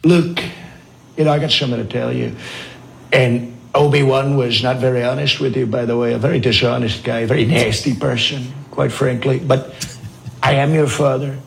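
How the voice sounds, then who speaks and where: Guy doing a gravelly pompous villain dad, rambling and bragging nonstop. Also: medium pitch, steady tone, moderate pace, a little hiss or hum, natural voice. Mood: boastful. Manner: rambling, boastful asides. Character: pompous boastful villain father, impression of a president. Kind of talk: comedy impression clip.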